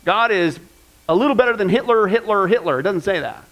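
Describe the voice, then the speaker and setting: A man with a high voice leads a Bible class in a loose, conversational style. He is animated and quick to joke, and he tells vivid stories as he teaches. He speaks into a microphone. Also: poor audio. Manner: animated and joking, with vivid asides.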